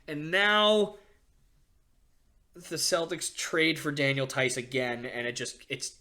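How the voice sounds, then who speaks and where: A young man hosting a casual sports podcast, ranting excitedly with frequent fillers and restarts. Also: on the high side. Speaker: podcast host.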